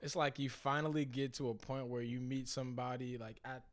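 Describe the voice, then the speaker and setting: A man's voice: medium pitch, fairly quick, a crowd in the background. A man guest on a podcast, a musician telling stories animatedly in casual slang and acting out quotes. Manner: animated storyteller, acts out quotes.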